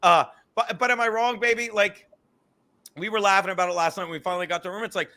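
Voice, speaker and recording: Foul-mouthed, animated comedian, bright voice. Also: male voice, sits high, fast talker. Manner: crude, animated, swearing often. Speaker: comedian and podcast host. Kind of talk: casual profane banter. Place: car.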